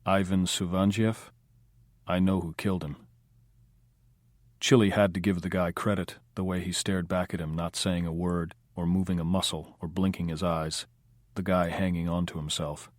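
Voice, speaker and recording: A man reads a crime novel aloud in a steady, understated narration. His voice sits very low, and the recording is close and dry with no room sound. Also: normal speed, dry recording. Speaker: audiobook narrator. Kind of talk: scripted narration.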